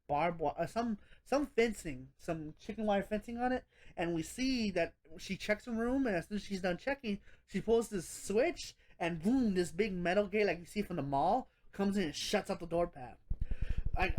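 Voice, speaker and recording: A woman giving a casual spoken horror movie review, animated and rambling, swearing often and laughing as she goes. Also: medium pitch.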